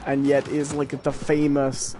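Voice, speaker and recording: A man co-hosting a casual pop-culture podcast, telling stories in a relaxed way with fillers. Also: mid-range voice, unhurried, music in the background. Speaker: podcast co-host.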